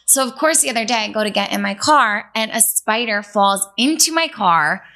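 A woman's voice: on the high side, lively intonation, moderate pace, bright, forceful tone. A young woman co-hosting a podcast, telling a story in casual chat and acting out her own panic as she goes. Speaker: podcast co-host.

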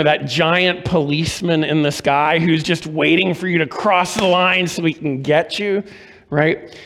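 A man preaching a sermon as pastor, measured and deliberate, asking rhetorical questions of his congregation. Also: a little high, big-room sound.

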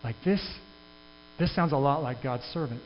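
A pastor with a mid-range voice preaches a sermon at a moderate pace, earnest and conversational, restarting often. The recording sounds dull, with long reverb and a faint hum.

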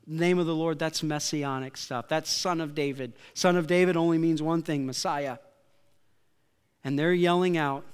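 Male pastor, slightly higher voice, deliberate and smooth, animated sermon delivery in a church with long reverb. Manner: animated storytelling, acting out quotes, shouting at peaks.

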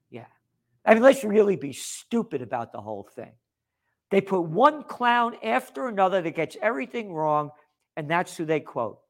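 An older man hosts his own commentary show and rants at length, sarcastic and swearing freely. His voice sits a bit higher than most men's, and he mocks what he attacks. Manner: angry, sarcastic and profane. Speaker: host of a trends commentary show. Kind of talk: ranting commentary.

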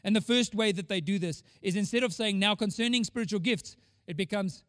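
A pastor with a high, slightly bright voice delivers a sermon at a fairly quick pace, firing off rhetorical questions and repeating words for emphasis. A large hall's long reverb rings around him, though his voice itself stays close and dry.

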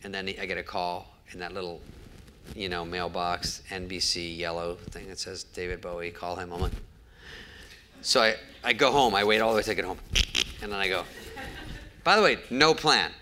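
This man, a guest comedian at a live onstage interview, sits low in pitch and speaks at a normal pace, his voice pushed and bright. He acts out every quoted line as he tells a show-business anecdote, with slight background noise present.

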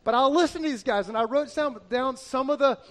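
A middle-aged male pastor preaches with a high, light voice. He tells personal stories earnestly, driving points home by repeating phrases. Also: fairly quick, fairly bright tone. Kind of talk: sermon.

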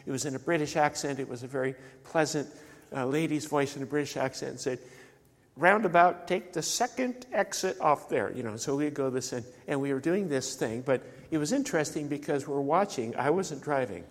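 A man's voice: medium pitch, a little fast. A man delivering a sermon as a pastor, talking conversationally and putting rhetorical questions to the congregation. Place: church. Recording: church sanctuary with long reverb.

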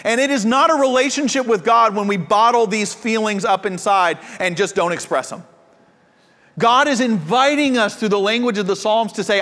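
A man delivers a sermon from the pulpit, his voice high and light for a man. He moves between impassioned swells and hushed, intense moments. Long reverb from the church sanctuary trails behind each phrase. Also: unhurried. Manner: impassioned preaching, dropping to quiet intensity. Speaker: pastor. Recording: reverberant hall.

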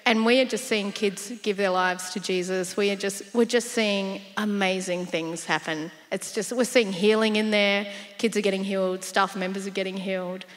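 A woman tells her story in a relaxed interview, lively and laughing often, acting out voices as she goes. Her voice sits in a middle register. It rings with a long hall reverb. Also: mid-range voice. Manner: animated storyteller, laughs often, acts out quotes. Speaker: interview guest. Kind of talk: casual faith story interview.

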